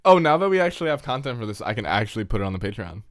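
A male podcast host with a fairly low voice, joking, giggling and rambling through casual chat. The sound is dry and close, with no room echo. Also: big pitch swings, very fast.

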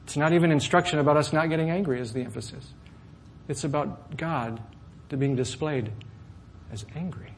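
A man preaching a sermon to a congregation, lively and often asking questions of his listeners. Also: fairly high pitch, normal speed, a little hiss or hum. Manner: animated, asks the audience questions. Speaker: pastor.

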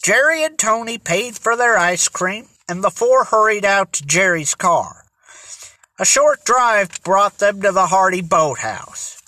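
An audiobook reader narrates a children's mystery slowly and evenly. The bright, medium-pitched voice sits close to the mic in a dry, dead room with no echo.

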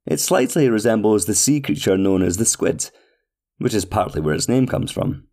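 A man's voice: lowish voice, lively intonation, normal speed, creaky, mellow. A man voicing a pompous male restaurant manager who reads out a formal, flowery, overly polite letter. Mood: courteous. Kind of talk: scripted reading of a letter.

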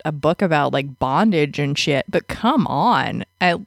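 A woman with a fairly low voice chats casually as a podcast co-host. She talks bluntly, swears freely and laughs a lot. The sound is dry and close. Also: lively intonation, measured pace, vocal fry, dry recording. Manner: blunt and profane, laughs often. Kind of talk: casual chat.

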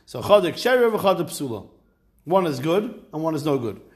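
In a relaxed Talmud class, a man with a fairly high voice reads the Aramaic text at a moderate pace. He then explains it in plain language, adding dry, joking asides.

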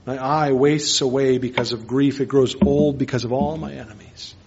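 A man preaching a sermon as pastor, earnest, moving between hushed and emphatic lines. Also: mid-range voice, steady tone, moderate pace. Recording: dull lo-fi sermon recording.

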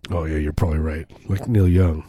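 A man's voice: a bass voice, fairly even intonation, brisk, dark tone, husky, no room sound. A man in casual comedic chat, rambling and joking, often slipping into silly voices. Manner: rambling, jokey, slips into silly put-on voices.

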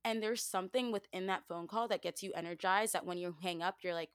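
A woman's voice: medium pitch, expressive, fairly quick, hardly any pauses, dry recording, studio quality. A young woman, a guest on a podcast, talking in a chatty, upbeat way with lots of "like". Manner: chatty, upbeat, says "like" often. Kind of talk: casual podcast chat.

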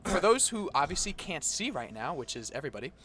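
A young man with a slightly raised pitch chats on a podcast recorded in a home studio. He sounds excitable and swears casually as he talks. The talk is loose and unscripted. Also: quick pace. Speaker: podcast co-host.

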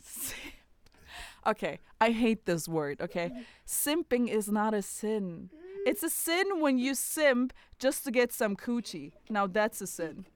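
A woman's voice: on the high side, expressive, slow pace, slight background noise. A woman hosting a casual podcast chat, frank and playful, laughing often as she talks. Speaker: podcast host.

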